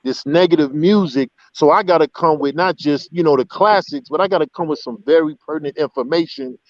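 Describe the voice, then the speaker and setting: A man's voice: fairly high pitch, a little fast, dry recording. Man, radio DJ guest, earnest, emphatic, dull muffled audio. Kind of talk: casual chat.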